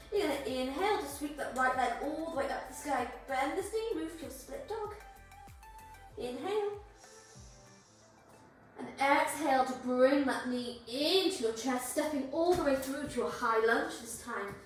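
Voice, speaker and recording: A woman yoga instructor, slightly out of breath, encouragingly cueing breaths and poses through a flow. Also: high-pitched. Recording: very echoey room, voice far from mic, music behind.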